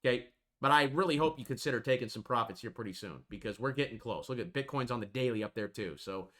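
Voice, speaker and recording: A man's voice: medium pitch, expressive, fast, fairly bright tone. A man hosting a trading channel, giving emphatic, repetitive market commentary over charts and tagging his lines with "okay" and "folks".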